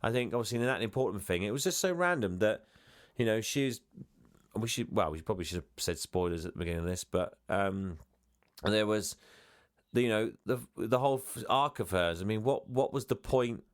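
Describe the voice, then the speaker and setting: A man's voice: lowish voice, animated, a little fast. A man co-hosting a podcast, talking casually and often trailing off or restarting. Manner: meandering, trailing off, stammering restarts. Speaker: podcast co-host. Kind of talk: casual chat.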